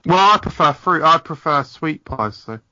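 A man's voice: on the high side, lively intonation, moderate pace, sharp tone, no room sound, highs cut off. A man hosting a casual podcast, reading listener comments aloud with lots of fillers and giggles.

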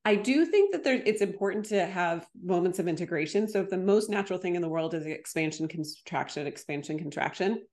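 A woman hosting a podcast and sharing coaching ideas in casual conversation, animated, with sudden high exclamations. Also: quick pace, few pauses. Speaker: podcast host.

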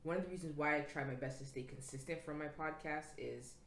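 Low-voiced woman podcast host in an echoey room. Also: fast, fairly bright tone, a little hiss or hum. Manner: affirming, frequent "correct". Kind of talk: casual podcast chat.

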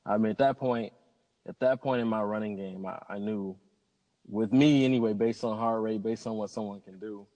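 Guy, a pilot, chatting upbeat and rambly, lowish voice, lots of hall echo. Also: steady tone, moderate pace, warm tone. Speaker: pilot and interview guest. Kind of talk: casual interview conversation. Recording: long hall reverb.

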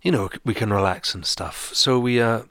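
A man hosting a radio show, casually chatting with a co-host and telling a relaxed story with chuckles. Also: fairly low pitch, moderate pace, no echo.

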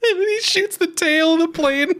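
A man co-hosting a podcast, chatting casually about a film and laughing often. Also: moderate pace. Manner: laughs often, lively swings in pitch. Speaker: podcast co-host. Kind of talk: casual movie-discussion chat.

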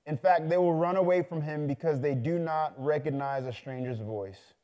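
A man's voice: on the high side, normal speed, mellow. A man preaching a sermon, telling a story in a loose, conversational way and building to fervent appeals.

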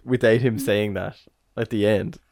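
A man's voice: fairly low pitch, fairly even intonation, measured pace, gravelly, a little mellow. A man co-hosting a podcast in casual chat, joking with brief reactions. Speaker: podcast co-host.

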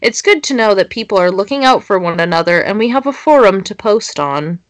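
A woman's voice: medium pitch, animated, fairly quick, no room sound. A young woman, co-hosting a casual chat and reading social media posts aloud. She giggles and swears freely.

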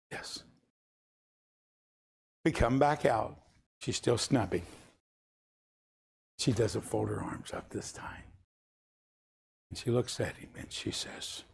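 Older male pastor, gravelly and husky, unhurried sermon storytelling. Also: medium pitch. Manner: storytelling, voices quotes softly, rising to impassioned pleas. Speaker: preacher.

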